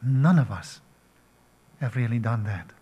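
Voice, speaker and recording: An older man preaching a sermon, slow and emphatic, asking his listeners questions. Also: medium pitch, animated, dark tone, husky, dull audio. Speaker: pastor.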